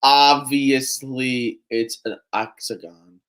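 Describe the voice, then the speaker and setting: A man co-hosting a wrestling watch-along, commenting casually and breaking into loud excited exclamations. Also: mid-range voice, slow.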